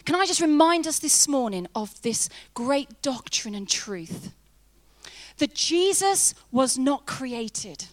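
Woman preacher, high voice, chatty and emphatic sermon delivery. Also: big pitch swings, takes it slowly. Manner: chatty, humorous, laughs often, emphatic. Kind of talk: sermon with personal story.

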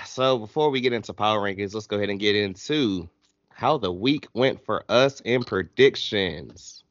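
A man hosting a casual sports podcast, talking slowly and reading through a list in a steady, even way. The sound is dull and lo-fi, dry with no room echo. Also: on the low side. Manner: slow, listing rankings in a steady read. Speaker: podcast host.

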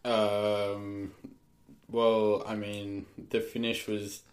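Young male co-host, lowish voice, relaxed, laughs a lot. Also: very slow. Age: young adult. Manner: easygoing, laughs often. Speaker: podcast co-host. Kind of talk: casual chat.

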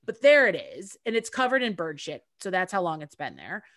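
Lively, salty woman telling stories. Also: fairly low pitch, brisk. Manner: lively, profane, storytelling with asides. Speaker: podcast co-host. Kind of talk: casual chat.

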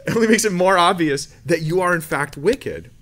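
A man's voice: high voice, expressive, normal speed, a bit bright, voice pushed up. Stern scolding preacher, put on by a male teacher, raised and emphatic.

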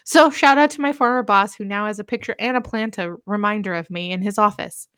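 A woman's voice: medium pitch, fairly quick, a bit bright, smooth, no echo, studio quality. A woman co-hosting a podcast, telling stories casually with frequent giggles. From Colorado. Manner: giggly storytelling. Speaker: podcast co-host. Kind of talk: casual chat.

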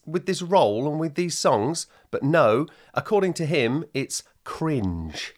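Low-voiced rambling woman. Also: sing-song, slow pace. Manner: long-winded, rambling storyteller. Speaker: podcast co-host. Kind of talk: casual chat.

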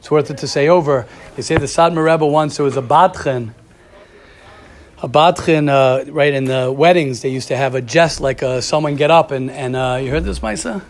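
A man teaching a religious study class in a casual, animated lecture, telling stories and calling on students by name. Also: a little high, moderate pace.

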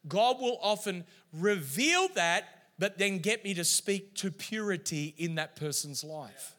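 A middle-aged man delivering a sermon, his voice high and bright. He tells stories with lively, animated energy. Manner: animated storytelling preacher. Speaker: pastor.

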